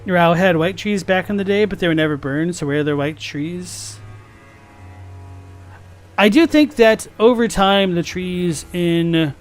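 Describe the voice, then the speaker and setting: This man streaming a game has a high voice and an unhurried pace, with faint music behind him. His casual commentary drifts between the game's lore and his own spoken thoughts as he plays.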